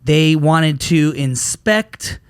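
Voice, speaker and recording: A man's voice: on the high side, extremely slow, clear, resonant tone, no echo, studio quality. A man co-hosting a casual business podcast, telling stories animatedly and acting out the back-and-forth of quoted conversations. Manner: animated storyteller, acts out quoted exchanges. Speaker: podcast co-host.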